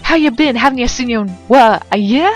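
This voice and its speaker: Woman doing a loud Southern gal photographer. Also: on the high side, fairly quick, faint music behind, pitched above the performer's own voice, lightly acted. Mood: brash, teasing. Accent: Southern US, put on. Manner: loud, folksy, pushy. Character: brash, pushy young woman photographer with a twang.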